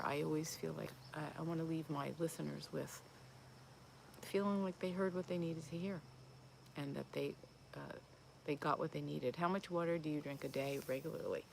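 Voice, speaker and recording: Slight background noise sits under this low, vocal-fried voice. She's a fifties-aged host of a plant-based cooking channel, running a live Q&A and chatting loosely through viewer comments, full of fillers and false starts.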